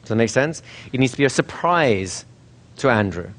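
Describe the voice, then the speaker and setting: A man teaching a hypnosis workshop in a seminar room, casual and brisk, often checking with the group. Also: mid-range voice, expressive, a bit bright. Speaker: hypnosis trainer.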